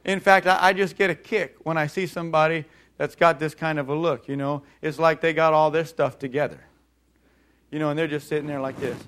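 A man preaching a sermon in an animated way, acting out voices and calling on the congregation to respond. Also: fairly high pitch, fairly quick. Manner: animated, acts out mocking voices, calls for audience response.

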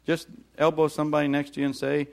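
A man preaching a sermon in an animated way, acting out voices and calling on the congregation to respond. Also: fairly high pitch, fast talker, vocal fry. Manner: animated, acts out mocking voices, calls for audience response.

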